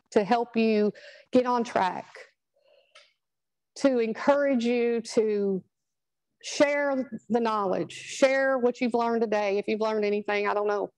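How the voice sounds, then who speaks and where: A woman's voice: fairly high pitch, darkish tone, dry recording, poor audio. A middle-aged woman, giving a chatty, earnest motivational talk to a live group. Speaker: speaker at a product training.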